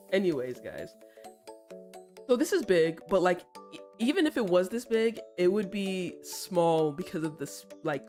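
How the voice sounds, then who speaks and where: Playful slangy woman streamer. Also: mid-range voice. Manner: playful, slangy, teasing chat back; explains slowly and repeats herself while drawing. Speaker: streamer and art critic. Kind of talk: casual livestream chat and art critique.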